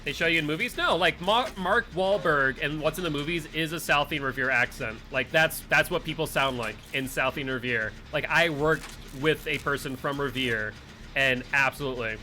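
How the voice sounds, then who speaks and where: A man streaming a game live, chatting casually with his friends and chat, full of "like" and quick asides. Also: on the high side, pushed and bright, slight background noise. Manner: chatty, filler-heavy, talks to chat and friends.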